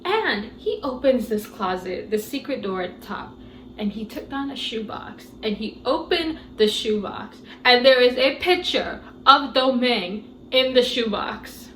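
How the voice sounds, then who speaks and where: Woman reviewing a movie at home, talks it thru all shocked and animated, roomy echo. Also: a little high, measured pace, slight background noise. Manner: animated, incredulous retelling.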